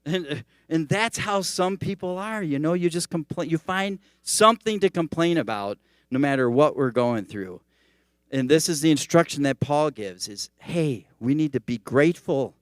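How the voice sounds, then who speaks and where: A man's voice: on the high side, moderate pace, dry recording, clean studio sound. A male teaching pastor giving a sermon in a conversational, storytelling manner. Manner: conversational, animated storytelling preaching.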